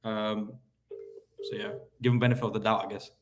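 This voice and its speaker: A young man running his recruitment business, chatting casually on a live stream between cold calls, with lots of fillers and a brighter tone when on the phone. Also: lowish voice, little pitch movement, a little fast, background noise.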